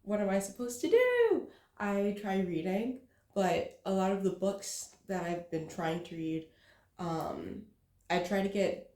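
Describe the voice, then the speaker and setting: Woman vlogger, candid and profane, soft mellow voice, echoey room sound. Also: on the low side. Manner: frank, swears freely, filler-heavy. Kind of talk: candid casual vlog.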